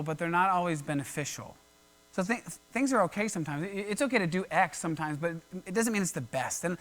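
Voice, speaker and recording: A man preaching a relaxed sermon, telling a Bible story in modern slang and voicing each character. His voice sits high and sounds bright and forward. A low electrical hum runs under the recording. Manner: animated storyteller acting out biblical characters in everyday slang. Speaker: pastor. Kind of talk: casual conversational sermon.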